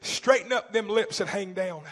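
A man from East Tennessee, preaching a fervent sermon that swings between shouting and a low, intense voice. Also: normal speed.

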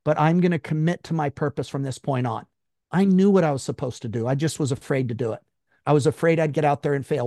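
A man, a guest in an interview, telling a personal story in an emphatic, high-strung way and swearing freely. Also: fast talker, mellow, dry recording, studio quality.

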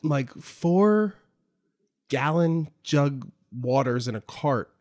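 A man's voice: fairly high pitch, expressive, extremely slow, darkish tone, no room sound, studio quality. A man co-hosting a casual chat, talking in a wry, joking, mock-serious way.

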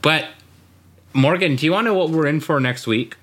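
A man's voice: a little high, fairly quick, a bit bright. A man co-hosting a podcast in casual chat, rambling and laughing at his own jokes. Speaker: podcast co-host.

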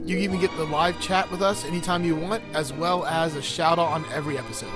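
High-voiced joking male podcast host. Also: steady tone, fast talker, music in the background. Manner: joking, swears casually. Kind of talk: casual podcast chat. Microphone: video call.

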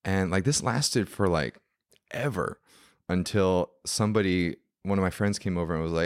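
Brief: low-voiced male guest, chatty storyteller, loose and filler-heavy. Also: normal speed. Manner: rambling, filler-heavy, acts out quotes. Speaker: podcast guest. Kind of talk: casual storytelling.

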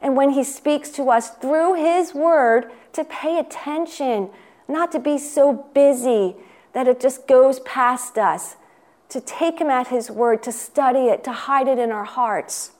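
Slow, earnest woman giving a devotional. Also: sits high, darkish tone. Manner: earnest, asks the listener questions, reads quotations; unhurried, emphatic. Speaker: Sunday school teacher giving a devotional. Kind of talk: devotional sermon.

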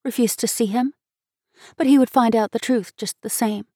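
A woman reading a classic story aloud in an expressive, measured way. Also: a little high, no room sound, clean studio sound. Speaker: story reader. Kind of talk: storybook narration.

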